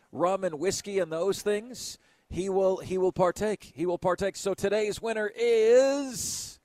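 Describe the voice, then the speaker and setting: A man hosting a radio show on location, chatting in a lively, playful way. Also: high-pitched, dry recording.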